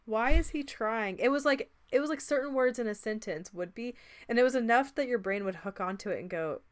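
A woman's voice: a little high, expressive, fast talker. A woman in casual chat about a movie, chatty and loose, with lots of fillers and restarts.

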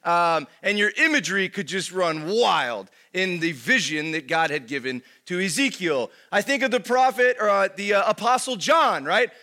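A young man with a high, bright voice teaches a congregation in a loose, chatty sermon. He fills his talk with "like" and "man" and keeps asking his listeners "right?" as he goes. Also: lively intonation, normal speed, hardly any pauses. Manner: conversational, keeps asking "right?", lots of fillers. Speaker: pastor.

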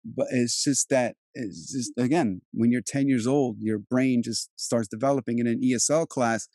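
Rambling man, warm dark voice. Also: medium pitch, moderate pace, dry recording, clean studio sound. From Europe. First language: Turkish. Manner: loose and rambling, lots of "like" and restarts. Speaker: actor and host. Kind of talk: casual conversation.

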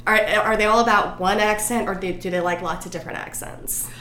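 A woman's voice: medium pitch, steady tone, brisk, bright, forceful tone. A woman co-hosting a casual chat podcast, teasing and laughing a lot. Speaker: podcast co-host. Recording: echoey room with background noise.

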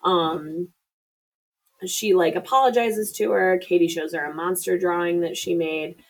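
A woman's voice: on the low side, steady tone, measured pace, poor audio. A woman co-hosting a podcast, retelling a film's plot in a chatty, blunt way with fillers. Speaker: podcast co-host. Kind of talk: casual film recap chat. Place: room shared with co-host.

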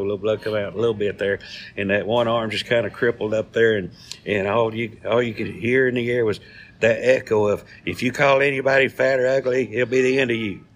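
A man, co-hosting a casual chat and telling jokes in a folksy way. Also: on the low side. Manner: folksy storyteller. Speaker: co-host.

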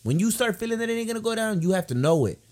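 A young man with a slightly high voice hosts a loose, profane podcast chat. He tells stories at length and sinks into a hushed, confiding tone to make his point. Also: animated, rapid-fire. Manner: profane, storytelling, drops to a low confiding tone. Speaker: podcast host.

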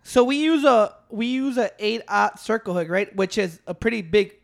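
A man's voice: sits high, animated, normal speed, gravelly. A young man, telling brash, profane stories in casual chat with a friend.

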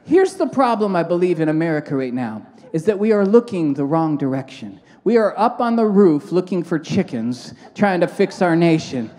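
A man preaching as a pastor, moving between fervent prayer and lively storytelling in a church. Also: high voice, normal speed, few pauses, in a large hall. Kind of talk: sermon with prayer.

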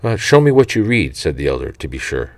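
A man reading a saint's life aloud in a slow, reverent, measured way. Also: a bass voice, sing-song, no echo. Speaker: audiobook reader.

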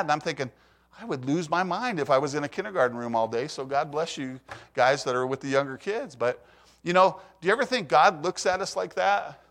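A man's voice: on the high side, fast talker, fairly bright tone. Older man preaching a storytelling sermon. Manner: storytelling, acts out quoted voices; conversational, asks the audience questions.

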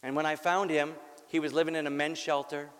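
Earnest pastor preaching in a reverberant hall. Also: male voice, fairly high pitch, little pitch movement, fairly quick, a bit bright. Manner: earnest, candid, wry jokes, repeats words. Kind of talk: sermon with personal story. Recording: long reverb of a large hall.

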